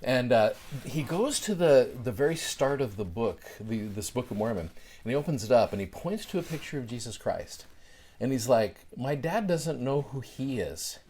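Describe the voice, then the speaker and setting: A middle-aged man hosting a short scripture show, telling a personal story in a chatty, animated way with plenty of fillers. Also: mid-range voice, moderate pace, slightly rough. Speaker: podcast host. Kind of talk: casual storytelling.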